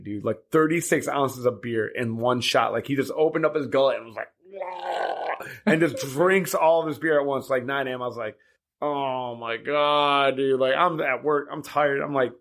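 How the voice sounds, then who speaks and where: A man who hosts a podcast and runs boat charters, telling stories in a rambling, filler-heavy way and laughing along. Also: mid-range voice. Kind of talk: casual anecdotal storytelling.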